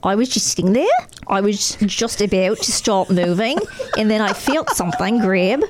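A woman reading a male surfer's quotes in a put-on Australian accent, relaxed and drawn out. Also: mid-range voice, moderate pace, background noise, lightly acted. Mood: laid-back. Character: laid-back adult male surfer.

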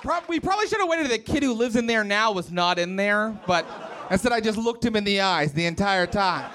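Crowd noise and other background noise surround a young man from West Virginia doing stand-up in a comedy club. His voice sits high, with lively intonation and a fairly quick pace, as he tells wry stories and acts out people's lines.

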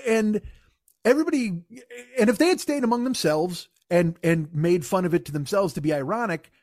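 A man's voice: high voice, moderate pace, no echo, studio quality. A man co-hosting a podcast in casual chat, telling stories with lots of swearing and mimicking people. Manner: profane, animated storyteller who mimics people. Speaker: podcast co-host.

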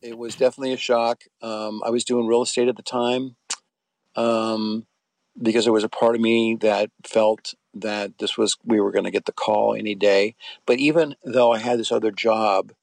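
In a dry recording, a middle-aged man's medium-pitched, creaky voice moves at a moderate pace with fairly even intonation. The ex-soap actor, a guest in a casual interview, reminisces about acting in a loose, anecdotal style packed with fillers and false starts.

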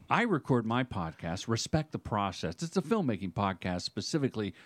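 A man's voice: fairly low pitch, very animated, normal speed, dry recording. Chatty male guest explaining gear. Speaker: podcast guest. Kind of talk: casual chat.

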